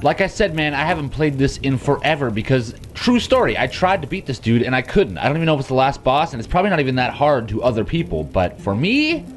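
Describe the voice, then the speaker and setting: A man giving let's play commentary while gaming, excitable and swearing, with sudden yelps and shouts. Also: medium pitch, quick pace, few pauses. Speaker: gamer.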